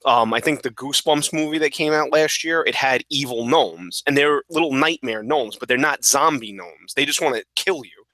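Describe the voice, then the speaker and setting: Bright, dry-voiced man joking on a podcast. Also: medium pitch, normal speed, hardly any pauses, no echo. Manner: laughing, profane, animated. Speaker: podcast co-host. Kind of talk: casual banter.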